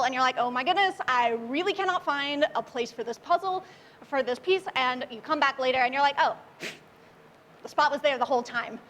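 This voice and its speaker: A woman's voice: sits high, a bit bright, slight background noise. A young woman from Oklahoma giving a casual, upbeat and chatty talk at a tech meetup. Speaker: meetup speaker.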